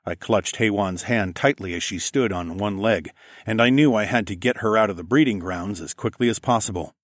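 A man's voice: on the low side, moderate pace, no room sound, clean studio sound. A man narrating a first-person story in a gritty, profane storytelling manner. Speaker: audiobook narrator.

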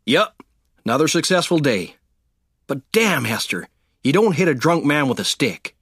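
A man voicing an easygoing cowboy adventurer, calm and firm. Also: fairly high pitch, normal speed, husky, no echo, studio quality, exaggerated voice. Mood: wry. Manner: laid-back drawl, calm and firm.

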